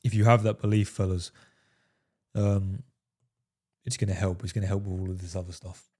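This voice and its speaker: Low, dark-voiced man coaching bluntly. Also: level tone, normal speed. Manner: emphatic, repeats "fellas" and "right?", profane. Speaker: dating coach. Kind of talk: coaching monologue to camera.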